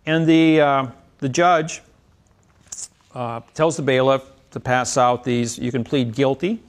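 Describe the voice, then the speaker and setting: A man's voice: mid-range voice, steady tone, takes it slowly. A man speaking as a seminar speaker, telling rambling anecdotes packed with legal citations. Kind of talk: storytelling lecture.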